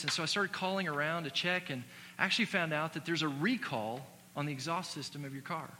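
A man in his thirties preaches in a church sanctuary. His voice sits a little high and rings bright, and it swells with emphasis before dropping into hushed storytelling. A long hall reverb and a faint hum trail behind him. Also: fairly quick. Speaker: pastor. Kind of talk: sermon with a personal story.

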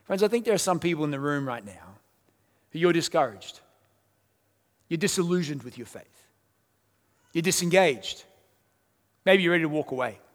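A man preaching a sermon as pastor, telling stories with lively, acted-out quotes. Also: fairly high pitch, moderate pace, long pauses. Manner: animated storytelling, acts out quoted voices. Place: church auditorium. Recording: church hall reverb.

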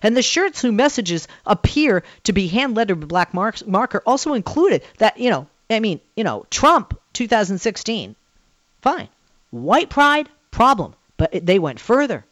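An animated woman radio host from the American South swoops up and down as she makes her points, repeating herself for emphasis. Her voice sits at a middle pitch and sounds close and dry in the studio. She hosts a call-in talk show. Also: normal speed, no room sound. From Southern United States.

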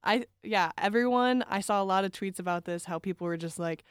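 A young woman co-hosting a casual podcast, animated and acting out quotes. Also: mid-range voice, fairly quick, smooth, no echo, clean studio sound. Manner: animated, quotes people in voices. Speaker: podcast co-host. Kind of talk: casual chat.

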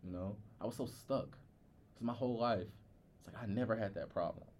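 A young man with a lowish voice talks candidly on a podcast. He tells his own story casually, halting now and then and leaning on filler words, with a faint hiss of noise behind him. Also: darkish tone. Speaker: podcast co-host.

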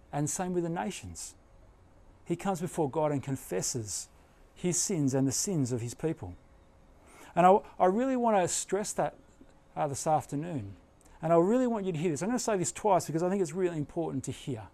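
High-voiced man preaching earnestly. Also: vocal fry, warm tone. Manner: earnest, emphatic preaching with rising bursts. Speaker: pastor. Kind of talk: sermon.

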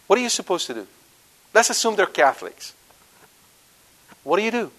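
A man preaching to a live congregation, animated, questioning the audience and swinging between loud emphasis and quiet asides. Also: sits high. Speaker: Catholic preacher.

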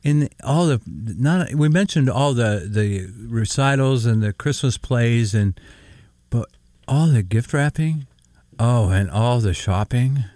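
A man's voice: mid-range voice, slow pace. A middle-aged man co-hosting a casual Christian radio talk show, laughing easily and reading Scripture aloud. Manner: lively, laughs often, reads Scripture aloud. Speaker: co-host.

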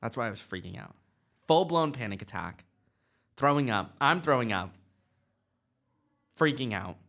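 With a medium-pitched voice at a moderate pace, a man co-hosting a podcast spins a story in relaxed conversation. He tells it animatedly, leaning on plenty of fillers.

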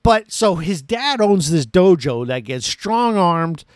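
A man's voice: sits high, very animated, takes it slowly, dry recording. A man hosting a podcast, reviewing a movie in a casual, rambling, self-mocking way. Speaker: podcast host.

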